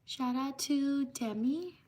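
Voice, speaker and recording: A woman hosting a live stream, reading out viewers' names one by one in a slow, repetitive way. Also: high voice, darkish tone. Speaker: livestream host.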